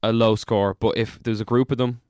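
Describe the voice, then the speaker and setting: Dublin guy on a podcast, smooth low voice, rambly jokey chat. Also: steady tone, fairly quick, a little mellow, no echo, studio quality. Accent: Dublin Irish. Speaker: podcast co-host. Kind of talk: casual chat.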